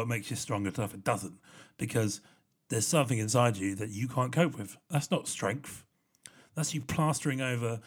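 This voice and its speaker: Rambling, sweary man. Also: medium pitch. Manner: rambling, animated, swears and laughs often. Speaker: vlogger. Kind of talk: casual solo storytelling.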